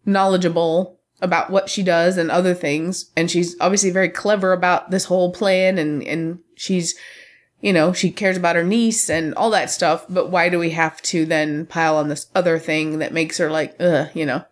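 A woman's voice: lowish voice, steady tone, normal speed. A woman co-hosting a casual film review podcast, giving opinionated takes in long, winding runs.

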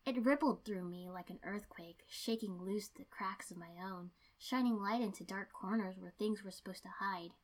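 A woman reading a first-person story aloud in an even, steady narration. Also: mid-range voice, normal speed, hardly any pauses. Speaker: reader.

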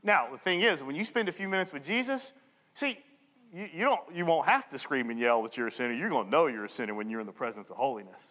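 A male pastor preaching a sermon, telling a story and acting out the people in it with lively energy. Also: mid-range voice, fast, big-room sound. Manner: animated storyteller acting out dialogue.

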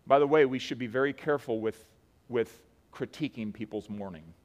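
A man preaching a sermon as pastor, swinging between hushed and loud emphatic delivery, with frequent restarts. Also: medium pitch, fairly quick, highs cut off. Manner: repeats words, many restarts.

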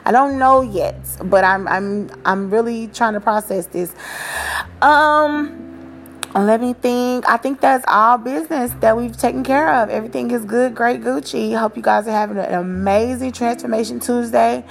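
A woman's voice: fairly high pitch, fairly even intonation, normal speed, creaky, few pauses, slight background noise. A woman in her thirties hosting a podcast, talking in an encouraging, preachy way with casual slang. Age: 30s. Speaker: podcast host. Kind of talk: motivational podcast monologue.

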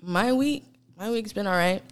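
A woman chatting casually on a podcast, relaxed and slangy, with lots of filler words. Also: medium pitch, normal speed, slight background noise. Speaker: podcast co-host. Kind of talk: casual chat.

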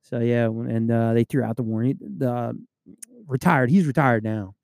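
A man with a gravelly, fry-edged voice trades stories from his police work in loose, profane podcast chat. He tells them with animation and drops into voices for the people in them. The sound is close and dry. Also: medium pitch, steady tone, moderate pace, a little mellow, dry recording. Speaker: police officer podcast co-host.

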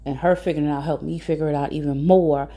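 Low, husky woman giving blunt advice. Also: steady tone, quick pace, dark tone. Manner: blunt, profane, preachy and direct. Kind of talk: casual storytelling advice monologue.

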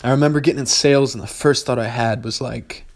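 A man's voice: medium pitch, steady tone, fast talker. Swearing young man musing aloud. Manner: rambling, heavy swearing, bursts of exasperation. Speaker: podcast host. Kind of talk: casual philosophical monologue.

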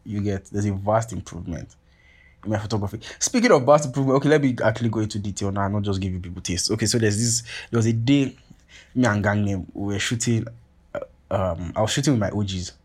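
Husky-voiced man telling a story. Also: lowish voice, fast talker. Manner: profane, animated, heavy filler "like" and "you get what I'm saying". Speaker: podcast host. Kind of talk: casual storytelling.

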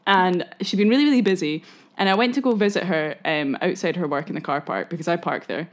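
Fields. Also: female voice, lowish voice, quick pace. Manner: chaotic, giggly, swears freely. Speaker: podcast host. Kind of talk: casual chat.

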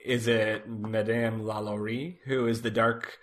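A man co-hosting a casual podcast, recapping a TV episode in a relaxed way, with lots of fillers. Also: lowish voice, measured pace. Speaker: podcast co-host.

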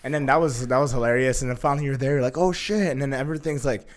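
A young man in casual chat, telling a story excitedly, swearing a lot and acting out what others said. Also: medium pitch, rapid-fire. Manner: excitable, profane, acts out quotes with laughter.

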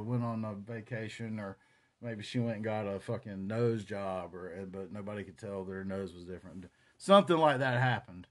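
A man in his forties with a North Carolina Southern drawl, talking alone into the mic for his podcast. He rambles from memory to memory with loose, profane asides. His pitch sits in an ordinary middle range. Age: 40s. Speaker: podcast host. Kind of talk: casual solo podcast monologue.

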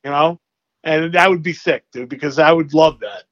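A man's voice: fairly high pitch, moderate pace, a bit bright, no echo. A man talking as a podcast guest in casual, profane chat with fillers. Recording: muffled, lo-fi.

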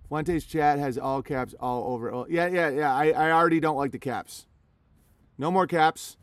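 A man's voice: on the high side, normal speed, no echo. A man live streaming, talking casually to his chat in a rambling way with many restarts.

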